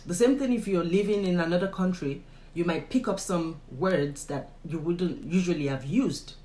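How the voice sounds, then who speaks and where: A woman's voice: fairly low pitch, moderate pace, dark tone, roomy sound, poor audio. A young woman with a Nigerian accent, a vlogger chatting emphatically to her viewers and laughing often. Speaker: vlogger interviewing her father. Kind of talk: casual commentary to the camera.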